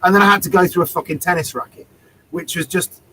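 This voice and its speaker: A man, a street performer, telling a story in casual chat, animated and acting out both sides of an exchange. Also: high-pitched, fast, background noise.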